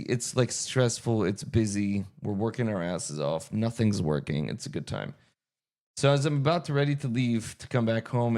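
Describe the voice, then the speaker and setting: A man's voice: medium pitch, darkish tone. A man chatting casually on a live stream, thinking aloud and answering viewers' chat as he goes. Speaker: streamer and game master.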